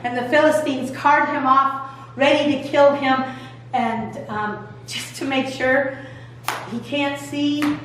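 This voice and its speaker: High-voiced woman pastor in an echoing church. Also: slight background noise. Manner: lively, jokey, colloquial storytelling. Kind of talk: retelling a Bible story. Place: church sanctuary. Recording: echoey hall, mic far off.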